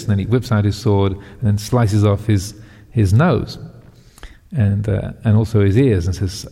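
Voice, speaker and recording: Gravelly, dark-voiced male storyteller. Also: on the low side. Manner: halting, many fillers, wry. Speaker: storyteller, teacher. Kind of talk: telling a teaching story. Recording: long hall reverb.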